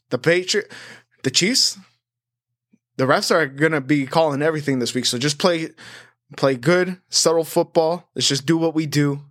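A man hosting a sports betting podcast in a chatty, animated way, rattling off stats and odds. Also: fairly high pitch, no room sound, studio quality. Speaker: host.

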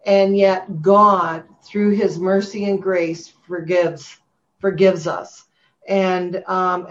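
A middle-aged woman, a guest, telling her personal testimony in a heartfelt, storytelling way, rushing at moments and going soft and slow at others. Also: medium pitch. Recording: dull lo-fi sound.

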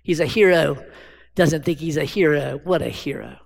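In a long, reverberant hall, a male pastor gives a sermon at a normal speed, his fairly high voice a bit creaky. His tone is conversational, and he keeps asking the congregation rhetorical questions.

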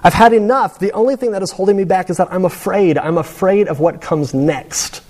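A man's voice: high-pitched, brisk, darkish tone, voice pushed up. A man reading the lines of an angry dying old man, without much theatrics. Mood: pleading. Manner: bitter, demanding.

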